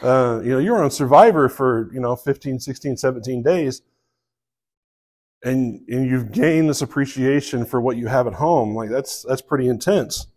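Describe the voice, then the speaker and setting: A man with a Southern US accent preaching a sermon to a live congregation, telling a story in a relaxed way with many fillers. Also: medium pitch, moderate pace. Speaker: pastor.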